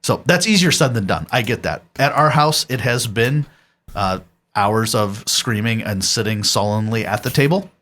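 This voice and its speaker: A man's voice: medium pitch, normal speed. A man in his forties who leads church youth ministry, telling stories and giving earnest parenting advice as a podcast guest, chuckling often. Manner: earnest storyteller, chuckles often, steady pastoral tone. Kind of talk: casual parenting advice chat.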